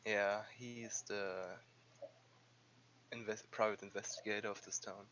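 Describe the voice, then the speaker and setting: Hesitant low-voiced man, dull audio. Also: little pitch movement, unhurried, a bit bright. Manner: hesitant, stumbling restarts. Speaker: player. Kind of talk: tabletop role-play, in and out of character. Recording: dull audio with faint music.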